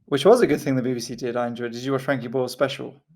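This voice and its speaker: A man's voice: medium pitch, fairly even intonation, racing, darkish tone. A young man co-hosting a comedy podcast, teasing and mock-insulting his co-host. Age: young adult. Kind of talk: casual comedy podcast banter.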